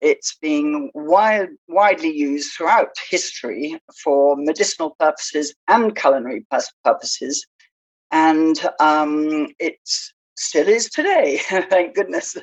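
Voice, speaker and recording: A woman guest speaks in a studio interview with a low voice. She talks slowly and unhurriedly, pausing often with ums as she gathers her thoughts. Her manner stays hesitant. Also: animated, husky, low-quality recording. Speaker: guest, small-business founder. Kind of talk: interview conversation.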